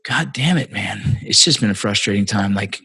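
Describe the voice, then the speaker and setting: A man's voice: fairly low pitch, animated, normal speed, pushed and bright, breathy edge. A man in his thirties, a podcast guest, talking heatedly with heavy swearing. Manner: heated, profane, fired up. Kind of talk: casual chat.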